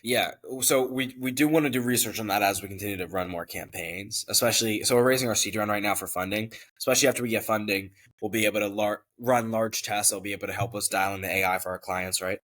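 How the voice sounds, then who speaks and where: A man as interview guest, explaining his company quickly and matter-of-factly. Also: fairly low pitch, fairly even intonation, a bit bright. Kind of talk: casual conversational interview.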